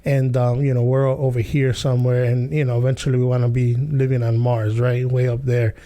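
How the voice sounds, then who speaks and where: A man's voice: mid-range voice, level tone, brisk, dark tone. A man hosting a podcast, telling a childhood story and commenting in a casual, rambling way with many fillers, restarts and chuckles. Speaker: podcast host.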